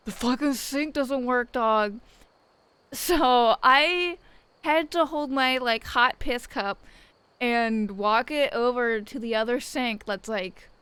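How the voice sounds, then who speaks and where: A woman's voice: a little high, a bit bright, clear, resonant tone, no room sound, low-quality recording. Rambling, profane young woman streamer. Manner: rambling, profane, laughing storytelling. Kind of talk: casual chat while gaming.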